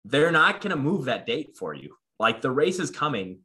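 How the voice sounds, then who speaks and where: A man's voice: medium pitch, very animated, normal speed, sharp tone. A man in his thirties, a guest in a casual interview, talking earnestly with lots of fillers and restarts. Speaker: podcast guest.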